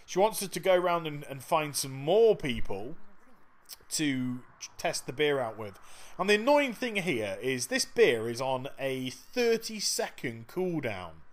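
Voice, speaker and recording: A man giving chatty, sarcastic commentary over a game walkthrough. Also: fairly high pitch. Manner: chatty and sarcastic, with frequent laughs. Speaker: gaming video host.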